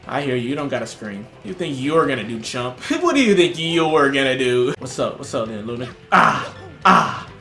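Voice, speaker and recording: A young man doing casual, joking let's-play commentary, reacting loudly with slang and laughter. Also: medium pitch, very animated, normal speed. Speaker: gaming streamer. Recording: roomy with music in background.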